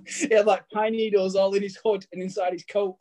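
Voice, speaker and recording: A man's voice: high-pitched, level tone, normal speed, a little mellow. A British man in his thirties telling rambling, chatty stories. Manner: chatty, rambling storytelling with restarts. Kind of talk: casual chat.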